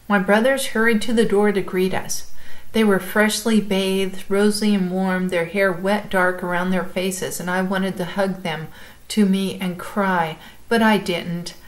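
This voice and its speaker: A woman calmly reading a chapter book aloud, as if to a class. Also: medium pitch, poor audio. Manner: calm, measured storytelling.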